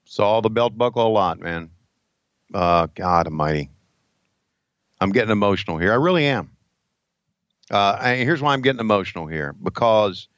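A man's voice: lowish voice, fairly bright tone, dry recording, dull audio. A man co-hosting a casual podcast, folksy and emotional, often stumbling over his words. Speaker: co-host, former wrestling announcer.

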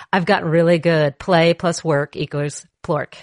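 A woman's voice: sits low, normal speed, no echo, studio quality. A woman co-hosting a podcast, chatting in a bubbly, jokey way and telling stories with lots of energy. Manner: bubbly, jokey, animated storyteller. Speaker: podcast co-host. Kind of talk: casual chat.

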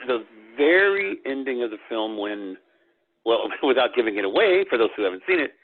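A man's voice: medium pitch, sing-song, normal speed. A man who works in animation, answering interview questions with hesitant ums and easy chuckles. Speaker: animation director, guest. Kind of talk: casual interview. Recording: tinny phone-line sound.

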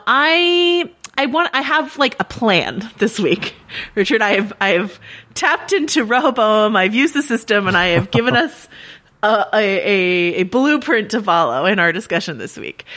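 A woman co-hosting a TV recap podcast, chatty and quick to laugh, with plenty of fillers and restarts. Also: medium pitch, animated, bright, forceful tone. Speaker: podcast co-host. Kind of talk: casual TV recap podcast chat.

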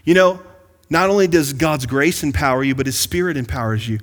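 A man preaching a sermon as pastor to his congregation, calling out to them and building to excited bursts. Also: fairly high pitch, a little fast. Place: large church sanctuary. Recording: long hall reverb.

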